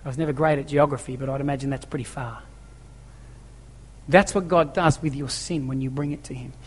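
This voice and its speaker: The recording carries long church reverb as a man of medium pitch delivers a sermon a little fast and with fairly even intonation. As a pastor in a church hall, he stresses his points, repeats key lines, and asks rhetorical questions.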